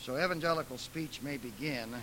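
Male preacher, bright and forceful, emphatic with big dynamic swings, faint hiss behind. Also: mid-range voice, a little fast, rough recording. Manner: emphatic, swinging from soft asides to loud dramatic outbursts. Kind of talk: lecture-style preaching.

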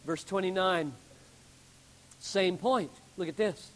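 Man, pastor, sermon, emphatic, high voice, long reverb. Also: slow pace. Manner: emphatic preaching, rising to loud climaxes then dropping low.

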